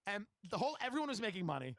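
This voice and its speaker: Guy with a really high voice telling stories fast, laughing, dry close mic. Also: very animated, fairly bright tone, no room sound. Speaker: podcast guest. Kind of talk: storytelling in casual chat.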